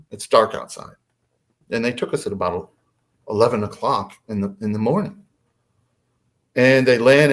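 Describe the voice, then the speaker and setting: A man telling a personal story as a podcast guest, casual and animated. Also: lowish voice. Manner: animated, acts out quotes.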